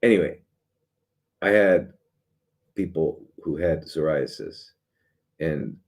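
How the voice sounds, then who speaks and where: A middle-aged man with a very low, husky voice hosts a live show as a doctor. He talks in a loose, rambling way, full of restarts and fillers. His tone stays dry and sarcastic. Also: expressive, slow pace. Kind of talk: casual live talk.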